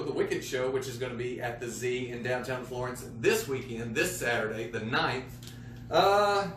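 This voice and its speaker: A man's voice: fairly high pitch, a bit bright, slight background noise. A man hosting a live comedy show, rambling and mocking himself as he plugs shirts and jokes. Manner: rambling, self-mocking banter. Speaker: host. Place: studio lounge. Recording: echoey room from a distance.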